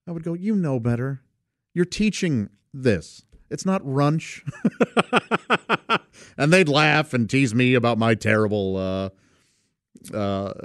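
A man's voice: mid-range voice, dry recording, studio quality. A man casually telling a personal anecdote, rambling and correcting himself, and chuckling often as he goes. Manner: rambling, self-correcting delivery.

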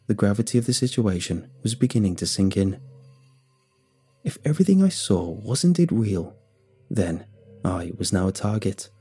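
A man's voice: on the low side, big pitch swings, normal speed, warm tone, husky. A man telling a first-person horror story in a tense, dramatic way. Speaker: narrator. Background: faint music.

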